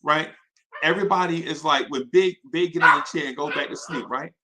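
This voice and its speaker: A man's voice: on the high side, brisk, very noisy. A man hosting a live show, telling an anecdote with energy and checking in with his audience as he goes. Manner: energetic, restarts a lot, checks in with "right?". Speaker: host.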